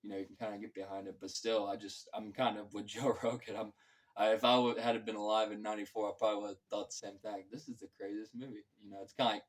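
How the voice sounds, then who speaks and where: A man's voice: on the low side, flat delivery, fast, low-quality recording. A man giving a casual, rambling film review, full of fillers and loose, profane talk. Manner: filler-heavy, loose and profane, acts out quotes. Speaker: movie reviewer.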